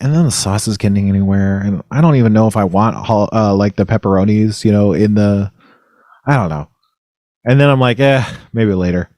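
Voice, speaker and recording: A man's voice: mid-range voice, darkish tone, no room sound. A man hosting a comedy podcast, rambling and goofy, breaking into shocked yelps, on a close microphone. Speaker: podcast host.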